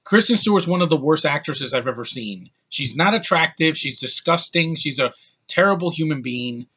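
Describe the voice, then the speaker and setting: A man's voice: on the high side, expressive, moderate pace, pushed and bright, breathy edge. A man giving a casual, ranting film review, blunt and heated, often repeating and restarting his words. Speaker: movie reviewer.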